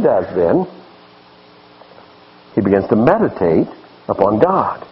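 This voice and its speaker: A man, a pastor preaching a sermon with animated, emphatic delivery. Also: on the low side, slow, pauses often, dull audio.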